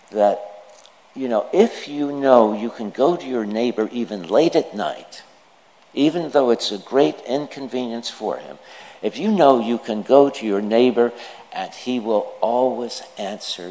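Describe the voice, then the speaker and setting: A man, a priest, reading the gospel and preaching a sermon in a measured storytelling manner. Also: medium pitch, expressive, darkish tone. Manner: slow, measured delivery with storytelling asides.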